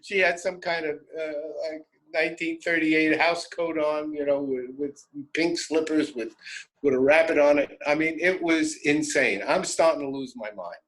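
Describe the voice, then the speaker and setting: A man telling a road story on a radio show, animated and self-interrupting, often laughing. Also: on the high side, moderate pace, low-quality recording. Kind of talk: casual storytelling.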